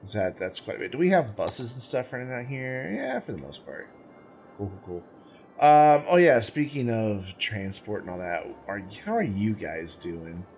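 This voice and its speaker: A man's voice: lowish voice, expressive, normal speed, a little mellow, soft background music. A man hosting a gaming channel, giving casual let's-play commentary as he plays, thinking aloud, rambling and correcting himself, with the hiccups.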